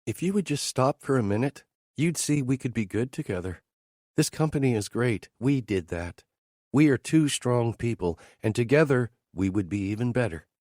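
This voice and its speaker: A man's voice: animated, normal speed, darkish tone, no room sound, clean studio sound, close to an everyday voice. A man voicing a pushy, flirtatious female employee with a coy, wheedling delivery. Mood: persuasive. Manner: coy, wheedling, raised pitch.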